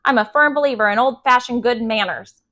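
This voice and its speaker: A woman doing a pompous, booming middle-aged man. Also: brisk, fairly bright tone, lightly acted. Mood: preachy. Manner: booming, preachy. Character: pompous middle-aged male guest, blustering.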